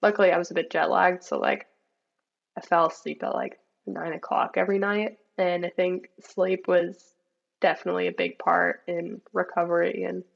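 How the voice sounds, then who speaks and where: A young woman, a bike racer, chatting in a relaxed interview with lots of likes and ums over dull remote call audio. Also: fairly low pitch, normal speed, gravelly. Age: young adult. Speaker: mountain bike racer, guest. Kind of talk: casual interview chat.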